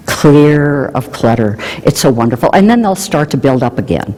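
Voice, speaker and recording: A woman explaining relationship research in an animated way, mixing in playful personal anecdotes. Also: sits low, moderate pace, few pauses, in a large hall. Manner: animated, warm storytelling with playful emphasis.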